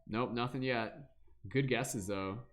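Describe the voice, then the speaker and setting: A man hosting a tarot reading livestream, talking casually and loosely, filling pauses with fillers and hummed "da da da" sounds. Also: mid-range voice.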